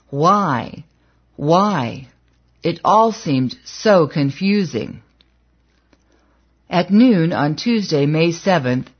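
Measured audiobook narrator, lo-fi. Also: medium pitch, husky.

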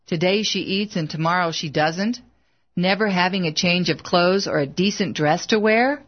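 A woman's voice: lowish voice, normal speed, highs cut off, close to an everyday voice. A woman reading as a stern, scornful older mother. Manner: curt, scornful. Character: stern disapproving older mother, proud and stubborn.

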